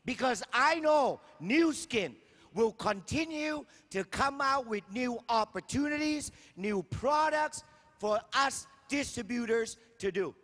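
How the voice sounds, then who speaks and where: A man's voice: very high voice, expressive, slow pace, a bit bright. A man giving a motivational stage speech at a sales convention, emphatic and repetitive, firing rhetorical questions at the crowd. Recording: long hall reverb.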